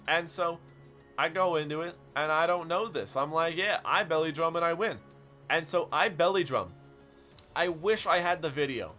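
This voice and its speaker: A young man streaming a game, telling stories in an animated way and chatting to his viewers. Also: a little high. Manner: animated storytelling, quick asides to chat. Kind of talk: casual stream commentary while playing.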